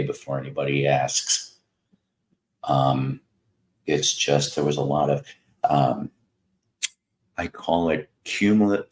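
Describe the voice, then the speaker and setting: Very deep-voiced man in his fifties, slow, sardonic. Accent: American Mid-South. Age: 50s. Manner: rambling, sardonic, talks to chat viewers by name. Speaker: livestream host. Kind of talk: casual livestream chat.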